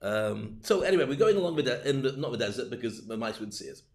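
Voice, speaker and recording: The older man coaching on speaking in this livestream talks fast in a gravelly, medium-pitched voice. Playful and joking, he animatedly acts out little scenes and keeps adding asides.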